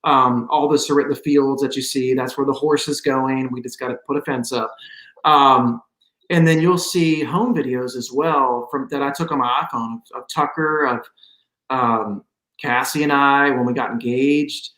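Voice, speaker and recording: A man guesting on an interview, speaking casually and hesitantly, full of little fillers. His voice has a roomy echo around it, at an ordinary middle pitch. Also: steady tone, normal speed, fairly bright tone. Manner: easygoing, hesitant, many fillers. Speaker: musician guest.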